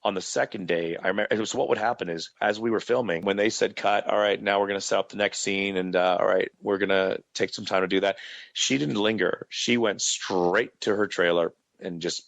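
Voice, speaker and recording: A man, a guest in a casual interview, telling animated anecdotes and checking in with "right?". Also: on the low side, brisk, creaky, dry recording. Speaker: actor guest.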